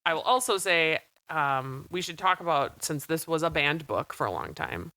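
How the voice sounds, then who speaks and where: A woman in her late thirties, co-hosting a podcast in casual chat, talking in a chatty, animated way and acting out quotes. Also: deep voice, normal speed, no echo. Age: 30s. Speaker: podcast co-host. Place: small studio.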